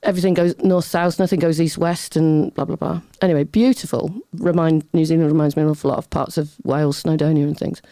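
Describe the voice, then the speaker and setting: A middle-aged woman, a guest on an interview show, telling lively, self-deprecating anecdotes in casual chat, often breaking into laughter. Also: deep voice, quick pace, few pauses, dry recording. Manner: chatty, animated anecdotes with laughter.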